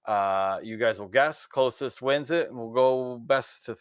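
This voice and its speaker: A man hosting a casual podcast chat, relaxed as he runs the segments. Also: mid-range voice, measured pace, clean tone, no room sound, studio quality. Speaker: podcast host.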